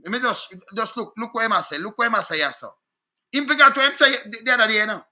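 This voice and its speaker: A Jamaican man with a high voice and a very bright, sharp tone rants about politics. He is indignant and talks to his listeners directly, checking in with them again and again. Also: lively intonation, fast. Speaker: online commentator. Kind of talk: animated political rant.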